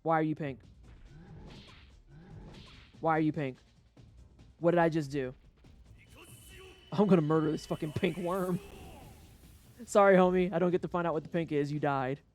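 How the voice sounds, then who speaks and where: A livestreamer chatting casually over a video game, joking and swearing, with sudden high-pitched outbursts. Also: fairly even intonation, normal speed, long pauses, darkish tone, soft background music. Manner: chatty storytelling aside while playing. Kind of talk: casual gameplay commentary.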